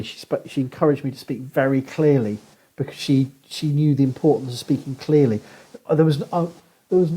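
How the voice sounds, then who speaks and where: A man's voice: on the high side, dark tone, husky, rough recording. A middle-aged man with a Southern English accent, a guest archaeologist telling chatty anecdotes with frequent laughs in a casual podcast conversation. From southern England.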